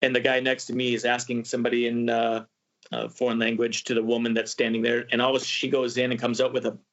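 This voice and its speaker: A man hosting a travel podcast, telling a story in a casual, animated way and acting out what people said. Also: medium pitch, quick pace. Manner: animated, acts out quoted voices. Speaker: podcast host. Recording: muffled lo-fi audio.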